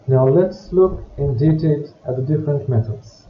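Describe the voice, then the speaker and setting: A man's voice: a little high, normal speed, hardly any pauses, breathy edge, lo-fi sound. A man teaching a language lesson, explaining each point in a scripted way and reading example phrases aloud. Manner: reads French words and phrases for the listener to repeat. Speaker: French teacher.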